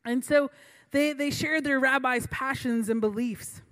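High-voiced young woman preaching with jokes. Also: measured pace, fairly bright tone. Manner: chatty, self-mocking, laughs between lines. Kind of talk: humorous sermon storytelling.

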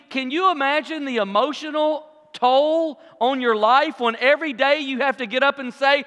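A man preaching a sermon, with a dramatic delivery that swings between loud acted-out cries and hushed asides. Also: very high-pitched, normal speed, clean tone. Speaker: pastor. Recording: long hall reverb.

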